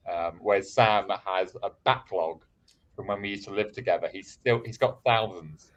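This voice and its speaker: A man's voice: on the low side, brisk, a bit bright, muffled recording. A man hosting an online improv comedy livestream, chatting casually and reading out viewer donations.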